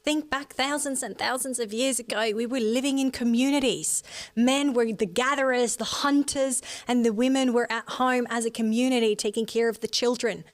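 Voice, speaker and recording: A woman in a casual podcast conversation, speaking in a calm, encouraging, motivational way and slowing down to stress key phrases. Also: fairly high pitch. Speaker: podcast guest or co-host.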